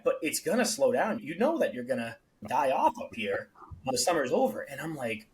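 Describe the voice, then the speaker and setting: A man at a middle pitch tells stories about building his business in an easy, conversational way. He acts out the people he quotes, and his voice jumps up and gets louder when he plays them. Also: brisk, a little hiss or hum, poor audio. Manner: animated storyteller, acts out quoted dialogue. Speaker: guest, beverage company founder. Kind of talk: casual podcast storytelling.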